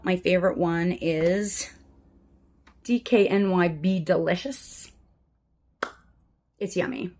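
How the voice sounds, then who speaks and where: A woman in her fifties chatting casually to camera from her desk at home about her makeup routine. She is frank and self-mocking and sometimes drops into soft muttered asides. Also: lowish voice. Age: 50s. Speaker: vlogger doing a makeup routine.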